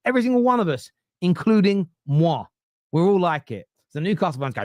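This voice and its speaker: A man's voice: a little high, big pitch swings, quick pace, dry recording, clean studio sound. A man hosting a football podcast, ranting casually with swearing, digressions and mocking asides. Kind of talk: casual opinionated rant.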